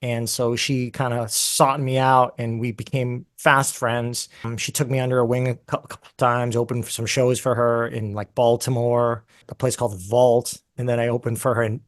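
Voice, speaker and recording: A man, a guest musician, telling a long story in an interview in a casual, animated way with many fillers and asides. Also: medium pitch, moderate pace, few pauses.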